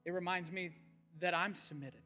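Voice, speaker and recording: A man's voice: high-pitched, fairly even intonation, normal speed, bright, forceful tone. A man preaching an earnest, conversational sermon to his church as its pastor. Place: church sanctuary. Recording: faint music underneath.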